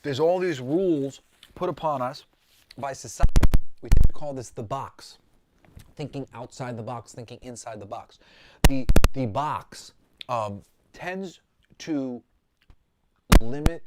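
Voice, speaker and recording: Guy teaching a spiritual class, rambly and heartfelt, lots of ums, middle-pitched voice. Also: heavy background noise. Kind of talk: casual spoken lesson.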